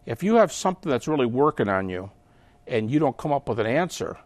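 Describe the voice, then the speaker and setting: A man talks as an interview guest in a voice of middle pitch, explaining with energy. He keeps stepping into little acted-out voices to make his points. The sound is dry and close, with no room around it. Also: fairly quick, dry recording. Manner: animated, acts out quoted voices.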